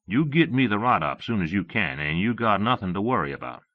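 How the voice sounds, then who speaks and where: A man's voice: lowish voice, very animated, a little fast, dry recording. A man reading a big, friendly army colonel. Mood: genial. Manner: big, friendly, smooth-talking. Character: burly, bluff male army colonel. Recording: dull lo-fi cassette audio.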